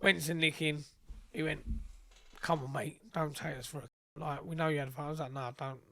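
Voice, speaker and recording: A young man tells stories in a loose, casual chat. His voice sits high, and he swears freely as he acts out both sides of each exchange. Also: fairly even intonation, a little fast, gravelly, sharp tone. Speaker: podcast guest. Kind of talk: casual storytelling.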